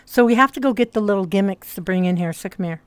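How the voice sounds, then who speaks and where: Talking fast in a medium-pitched, clear and resonant voice, a streamer and hypnotist rambles through casual livestream chat in a VR social world. She swears a bit, and her mixed accent is hard to place. The recording is dry.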